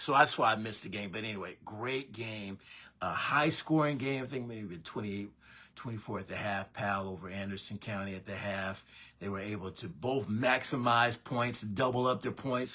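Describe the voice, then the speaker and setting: A man hosting a casual morning sports show from his basement, rambling and correcting himself with animated asides. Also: mid-range voice. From Northeast Tennessee. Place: home basement.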